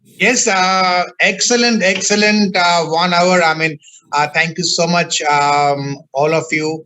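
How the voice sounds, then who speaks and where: A man thanking speakers and closing an online conference, halting with many fillers, on a video call. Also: high-pitched, fairly even intonation, pushed and bright, poor audio. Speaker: conference convener.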